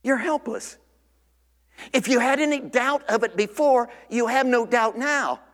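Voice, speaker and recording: A man preaching a sermon in a church, animated and shouting at points for emphasis. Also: very high-pitched, unhurried, long reverb tail. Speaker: pastor.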